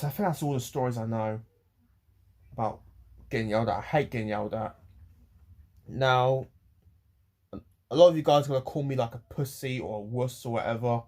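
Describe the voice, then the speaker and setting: Young man, eighteen, rambling vlog rant, halting, repeats himself, mid-pitched voice. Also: a little mellow. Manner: rambling, repetitive, many pauses and restarts. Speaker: vlogger. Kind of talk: ranting to camera.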